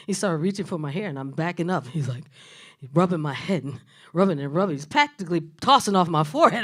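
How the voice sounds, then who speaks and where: Brief: woman stand-up, animated storyteller with a swooping pitch, acts out both sides of each exchange. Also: fast talker. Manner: storytelling with lively acted-out exchanges. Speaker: stand-up comic. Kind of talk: stand-up comedy set. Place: comedy club stage.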